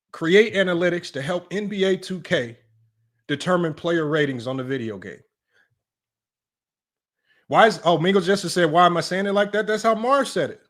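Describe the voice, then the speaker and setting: Man, sports stream host, slightly high voice, emphatic, repetitive, casual livestream talk. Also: fairly bright tone. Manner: emphatic, repeats "right?" and "y'all".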